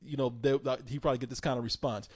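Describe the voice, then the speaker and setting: A man's voice: mid-range voice, steady tone, rapid-fire, breathy edge. A man hosting a podcast, ranting heatedly in casual chat and swearing freely. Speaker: podcast host. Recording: dull lo-fi audio.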